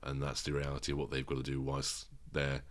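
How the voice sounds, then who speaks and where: Man, very deep voice, podcast co-host, reflective, measured, casual chat. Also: completely flat delivery.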